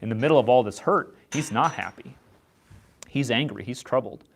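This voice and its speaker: A man leading an informal Bible study, talking in a halting way and often repeating words as he restarts his sentences. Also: mid-range voice, gravelly, a little hiss or hum. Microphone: set up far from the speakers.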